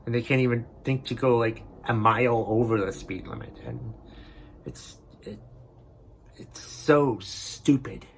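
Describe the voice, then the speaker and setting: A grumpy man hosts a comedy podcast and rants about everyday annoyances. His delivery is exasperated and profane, and his pitch sits in a middle range for a man. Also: fairly even intonation, a little slow, vocal fry, slight background noise. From northern New England. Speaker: podcast host. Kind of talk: comedic rant.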